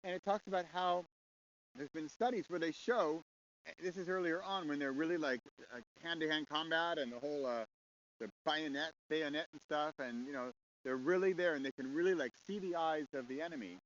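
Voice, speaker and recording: A man's voice: a little high, fairly quick, a bit bright. Male host, casual rambling monologue; muffled recording with faint hiss. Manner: rambling, chuckles often, rhetorical questions.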